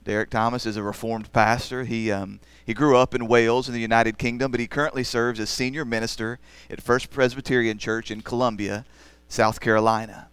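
Male pastor, earnest sermon delivery, smooth resonant tone, close and dry. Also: medium pitch, level tone, a little fast, fairly bright tone, dry recording. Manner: earnest, builds to emphatic preaching.

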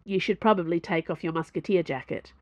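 A woman's voice: on the low side, fairly quick, dry recording, highs cut off, lightly acted. Woman narrator doing a dry, doubtful musketeer woman; close dry storybook read. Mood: skeptical. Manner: dry, skeptical. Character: sharp, skeptical woman musketeer.

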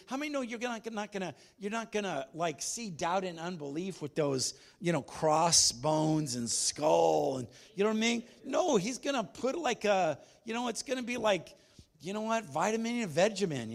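A man preaching as a pastor in a church, rambling and chatty with many restarts, moving from hushed storytelling to loud exhortation. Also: sits high, creaky. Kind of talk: sermon.

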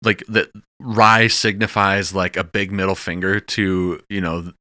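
A man co-hosting a casual podcast, his voice bright and forward against a fairly low pitch. He rambles easily, circling back with fillers and restarts. The sound is dry and close, with no room around it. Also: level tone, measured pace, no echo. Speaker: podcast co-host. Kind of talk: casual chat.

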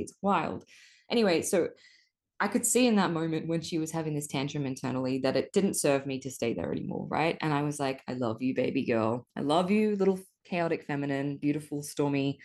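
A woman hosting a solo podcast, talking casually and animatedly about her spiritual life, swearing often. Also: on the low side. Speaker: podcast host.

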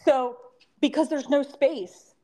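Female podcast co-host, 30s, high voice, lisp, loose rambling chat. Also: fairly even intonation, slow, dark tone. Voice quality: lisp from temporary crowns. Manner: chatty, rambling, laughs often. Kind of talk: casual chat.

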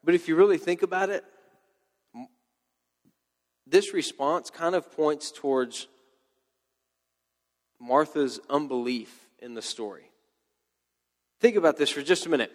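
A man's voice: a little high, unhurried, pauses often, long reverb tail. A man preaching a sermon in a conversational way, with joking asides and playful quoted voices. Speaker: pastor.

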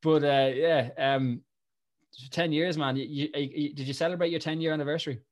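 A man's voice: on the high side, steady tone, fairly quick. Hesitant Irish man hosting a chat. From Ireland. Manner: hesitant, many restarts and fillers. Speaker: podcast host. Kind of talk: casual chat.

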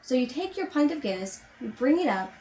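A woman's voice: high voice, sing-song, a little fast, dark tone, a little hiss or hum. Pregnant woman giving travel tips. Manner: finishes partner's sentences, gives tips. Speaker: travel vlog co-host. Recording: roomy echo.

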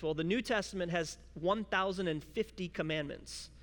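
A man's voice: high-pitched, normal speed, few pauses, a bit bright. A man preaching a sermon, telling a personal childhood story with self-deprecating jokes before turning to Scripture. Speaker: pastor. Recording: long hall reverb.

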